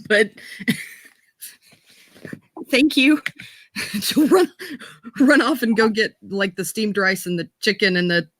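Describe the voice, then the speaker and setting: A woman's voice: mid-range voice, lively intonation, slow, pauses often, fairly bright tone, no room sound. A woman playing in a tabletop role-playing game, chatty and giggly. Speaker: player.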